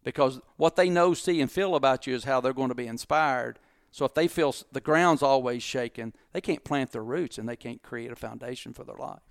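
A man's voice: a little fast, vocal fry, no echo, studio quality. A middle-aged man, a business owner, telling stories in a casual podcast chat and acting out the voices in them. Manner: animated storyteller, acts out quotes, jumps in pitch.

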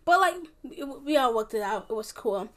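A woman's voice: on the high side, lively intonation, brisk, a bit bright. A young woman telling a personal story to the camera in a casual, rambling way, with many restarts and fillers. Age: young adult. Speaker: vlogger.

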